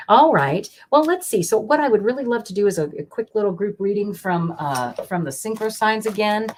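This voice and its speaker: A woman's voice: medium pitch, lively intonation, a little fast. A woman hosting a live stream of card readings, talking in a chatty, gushing way with lots of fillers and restarts.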